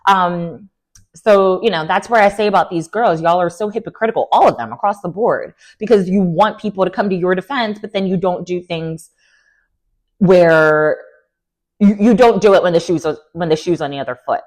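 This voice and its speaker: A woman's voice: lowish voice, moderate pace. A woman hosting a reality TV recap, talking casually with sass and strong opinions, often slipping into mocking voices for quotes. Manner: animated, sassy, acts out quotes in mocking voices.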